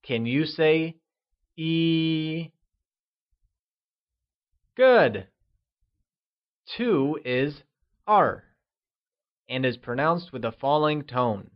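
A man narrating a scripted language lesson, modelling words slowly for the listener to repeat. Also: mid-range voice, lo-fi sound. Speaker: language teacher.

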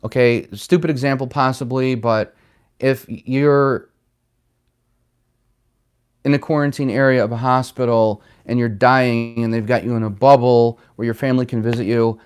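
Male livestream host, mid-pitched and smooth-toned, loose and chatty, reading out and answering the chat. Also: fairly even intonation, moderate pace, a little mellow. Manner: rambling, chatty, reads out viewer comments. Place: home in Chicago.

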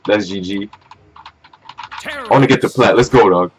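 A man's voice: on the low side, normal speed, a little hiss or hum. A young man giving live commentary while playing a ranked fighting game, swearing, trash-talking and repeating his phrases. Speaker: gamer. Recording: faint game music behind.

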